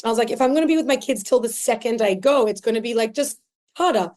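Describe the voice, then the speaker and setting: Australian woman in her 30s, podcast guest, mellow and warm tone, animated storyteller, a touch higher voice. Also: quick pace. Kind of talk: casual conversational storytelling.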